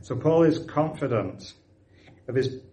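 A man preaching a sermon, telling a story and rising to loud, excited emphasis. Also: medium pitch, measured pace, rough recording.

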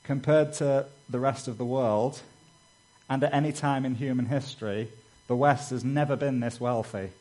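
Male preacher, mid-pitched, chatty sermon delivery with lively storytelling. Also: moderate pace, poor audio. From Britain. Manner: conversational, frequent "you know" asides; acts out quoted dialogue with raised voice.

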